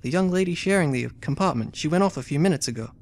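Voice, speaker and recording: Man doing a flustered dapper young gentleman. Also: fairly high pitch, animated, fast talker. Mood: agitated. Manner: agitated, complaining.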